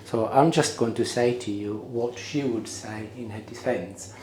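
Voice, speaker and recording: A man's voice: mid-range voice, a little slow, darkish tone, echoey room. A middle-aged man chatting casually through a home DIY job, rambling with lots of fillers. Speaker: homeowner doing DIY. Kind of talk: casual vlog narration. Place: inside a house, bathroom and loft.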